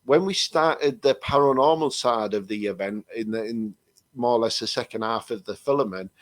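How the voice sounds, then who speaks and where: A man's voice: mid-range voice, normal speed, dry recording. English guy rambling through stories on a video call, lots of restarts, dead dry sound. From England. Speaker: psychic medium guest. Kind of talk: casual chat.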